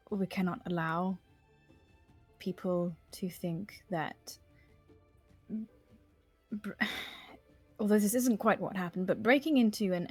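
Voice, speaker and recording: A woman's voice: fairly low pitch, a little mellow. A woman voicing Lark, a fussy adventurer who rambles off on tangents, in a tabletop role-play. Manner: rambling, digressive.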